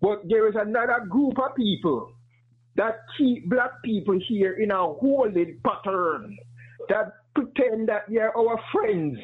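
A man with a high, husky voice calls in over the phone and makes his point with passion and emphasis. His voice comes through a tinny phone line. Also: lively intonation, measured pace. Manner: impassioned, emphatic, conversational. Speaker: caller. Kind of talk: call-in question to a talk show.

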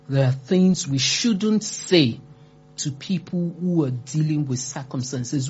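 A woman's voice: fairly low pitch, darkish tone, husky. A woman giving earnest, emphatic advice on supporting grieving people, repeating key words and acting out quoted remarks. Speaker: speaker on grief support. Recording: dull lo-fi recording.

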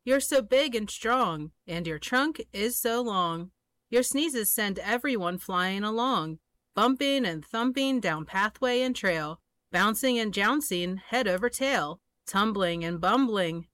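A woman's voice: medium pitch, lively intonation, takes it slowly, a bit bright, no echo. A woman voicing an alarmed buffalo in a storybook, pleading in bouncy rhyme. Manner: breathless, pleading, rhythmic rhyming.

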